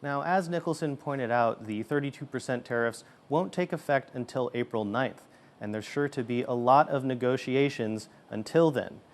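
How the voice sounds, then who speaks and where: Male news correspondent explaining tariffs. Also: medium pitch. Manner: measured, explanatory delivery with occasional fillers. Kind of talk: news report.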